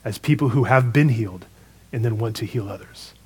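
A man preaching a sermon, retelling a parable in a conversational, animated way with casual asides. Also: medium pitch, fairly quick, breathy edge. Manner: storytelling, animated retelling with acted quotes.

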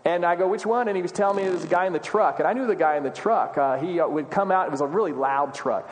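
Male pastor, slightly high voice, earnest conversational sermon, long hall reverb. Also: fast talker. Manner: earnest, conversational preaching with rising questions.

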